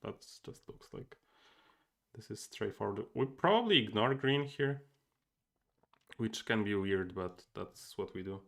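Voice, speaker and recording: A young man talks himself through his moves as he plays a board game live, stopping now and then to greet viewers. His voice sits low and has a gravelly edge, and he keeps things loose and chatty. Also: expressive, a little slow, pauses often. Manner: thinking aloud, chatting with viewers. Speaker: game streamer. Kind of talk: casual livestream commentary.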